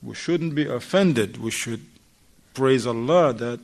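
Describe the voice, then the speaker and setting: A man giving a religious lesson to a class, animated and questioning his listeners directly. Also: medium pitch, slow pace. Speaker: religious teacher.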